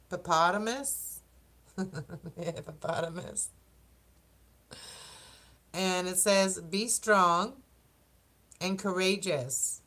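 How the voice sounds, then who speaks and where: Working through the zodiac signs with oracle cards, this tarot reader chats and rambles, laughing a lot and tripping over her words. Her voice is medium in pitch with a fairly bright tone.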